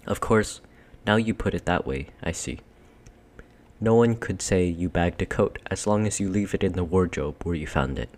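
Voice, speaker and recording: A man voicing an earnest, decent eldest boy who leads his siblings, in brisk, well-spoken schoolboy talk. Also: low voice, expressive, darkish tone.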